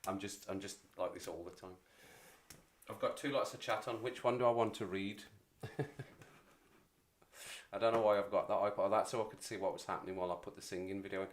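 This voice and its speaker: A man's voice: on the low side, fairly even intonation, brisk. A man in his forties hosting a casual livestream chat, rambling and self-deprecating as he talks to viewers. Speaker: livestream host.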